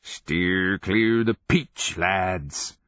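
A man's voice: sits low, drawn-out words, fairly bright tone, dry recording, muffled recording, exaggerated voice. A man doing a cackling, gleeful mercenary captain. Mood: gleeful mocking.

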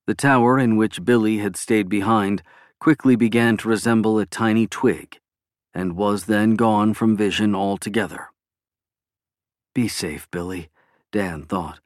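Low-voiced man narrating a sci-fi audiobook. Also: no room sound, clean studio sound. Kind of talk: scripted narration.

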